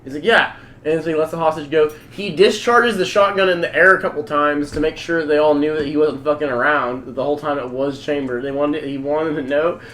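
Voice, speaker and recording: A man telling a story on a casual podcast, profane and excitable, acting out quotes loudly. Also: a little high, brisk, few pauses, slight background noise. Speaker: podcast co-host.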